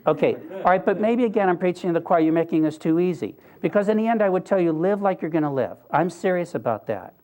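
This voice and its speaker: A man's voice: high voice, lively intonation, fast talker, hardly any pauses, dark tone. An older man giving an earnest, conversational talk, telling a personal story with wry asides. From Pennsylvania, US. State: briefly choked up. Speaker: speaker.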